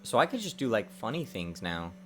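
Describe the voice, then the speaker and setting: A man streaming his game development work, talking to himself in a lively, self-mocking way. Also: fairly low pitch, brisk, a little hiss or hum. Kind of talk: casual livestream dev commentary.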